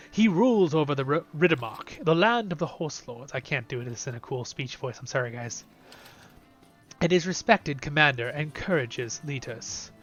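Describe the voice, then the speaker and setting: Young male game host, excitable chatty commentary, fairly high voice, faint music behind. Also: lo-fi sound. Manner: excitable, chatty, swings between loud and soft. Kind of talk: casual gameplay commentary.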